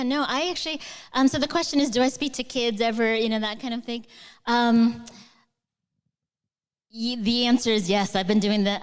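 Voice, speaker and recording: Woman author, live Q&A, eager and chatty, smooth voice, reverberant hall. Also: fairly high pitch. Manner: warm, enthusiastic, chatty with many fillers. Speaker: author answering audience questions. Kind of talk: live onstage conversation.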